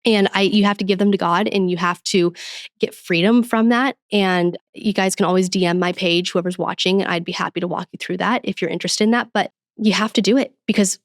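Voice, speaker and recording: A woman guest on a podcast, talking earnestly about faith and parenting and getting animated when she quotes herself. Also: medium pitch, brisk, no echo, clean studio sound. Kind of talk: casual podcast conversation.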